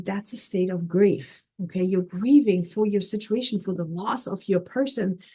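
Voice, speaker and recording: A woman with a medium-pitched, dark-toned voice works as a life coach, teaching in an earnest, casual way. She repeats words and keeps checking in with "okay?" and "right?"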